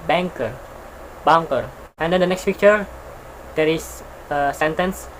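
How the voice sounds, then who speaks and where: Pronunciation teacher, very slow pace, repeats words, simple example sentences, faint air conditioner hum. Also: medium pitch, fairly bright tone, poor audio. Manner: repeats each word slowly, explaining with simple examples. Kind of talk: recorded pronunciation lesson.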